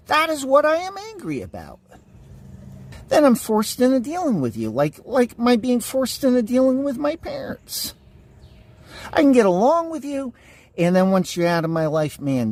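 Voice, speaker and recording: A man's voice: high voice, darkish tone. A man delivering an angry, repetitive monologue, insulting and swearing at his listeners. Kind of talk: ranting monologue to camera.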